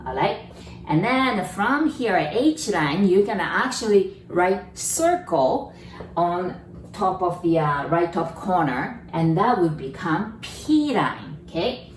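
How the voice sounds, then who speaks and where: A woman's voice: lowish voice, animated, slow, a little hiss or hum. A woman teaching a beginner writing lesson, patiently sounding out syllables and checking in with her learners. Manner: patient, repeats syllables, checks in with "okay?" and "right?". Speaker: Japanese teacher. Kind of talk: slow explanatory lesson. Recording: roomy, distant mic, faint ambience.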